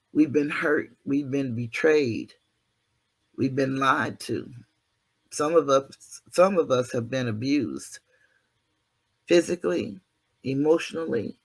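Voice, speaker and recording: A man's voice: mid-range voice, vocal fry, breathy edge. A man hosting his own channel, giving a motivational monologue to viewers in an earthy, preachy way with mild cursing and self-deprecating asides. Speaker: channel host.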